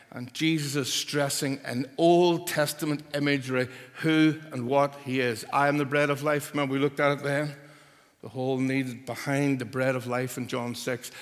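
A man preaching a sermon, emphatic and building to forceful repeated declarations. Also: medium pitch, big-room sound.

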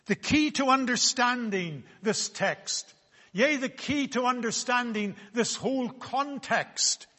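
A man delivering a sermon in a slow, measured cadence, his voice pitched high and bright. Each phrase lands with solemn weight, and a long reverb trails behind him as if he fills a large hall. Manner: slow, deliberate preaching with solemn emphasis. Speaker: preacher.

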